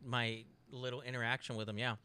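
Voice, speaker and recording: A man co-hosting a podcast, telling a story in casual chat, animated and laughing often with rambling restarts. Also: mid-range voice, brisk, background noise. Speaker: podcast co-host.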